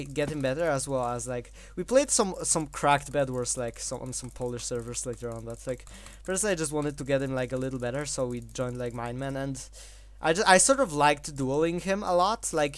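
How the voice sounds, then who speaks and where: A man's voice: mid-range voice, dry recording. A man giving casual gameplay commentary, rambling with many fillers and short laughs between phrases. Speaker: gaming channel host.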